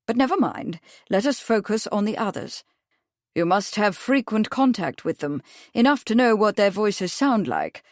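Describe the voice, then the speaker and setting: A woman's voice: medium pitch, big pitch swings, normal speed, a little mellow, no echo, clean studio sound. A woman doing a courteous male barrister. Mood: probing. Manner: courteous, mild, precise questioning.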